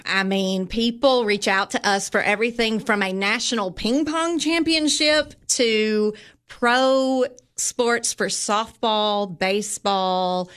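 A woman with a Southern US accent, a visitors' bureau guest telling upbeat stories in a casual interview. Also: medium pitch. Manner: animated storyteller, upbeat and chatty.

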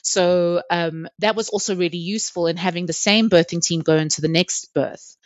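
A woman tells a personal story as a podcast guest. She is candid and lively, and she laughs often. The recording is dry and a little dull. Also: lowish voice, normal speed, dry recording. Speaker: interview guest.

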